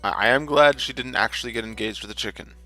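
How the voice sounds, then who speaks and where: A man's voice: mid-range voice, fast, pushed and bright, faint music behind. A man narrating his gameplay in a casual, rambling, jokey way, often correcting himself mid-sentence. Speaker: gamer, channel host. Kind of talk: casual let's-play commentary.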